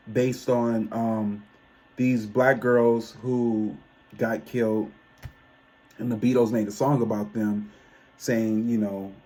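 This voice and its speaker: A man, giving a chatty, expressive album review that often trails off and restarts. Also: mid-range voice. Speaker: tarot reader and music reviewer. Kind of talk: casual album review monologue.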